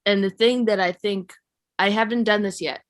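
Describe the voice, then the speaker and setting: A young woman from California doing a stand-up comedy set, rambling and self-mocking in a deadpan way. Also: mid-range voice, normal speed. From San Jose, California.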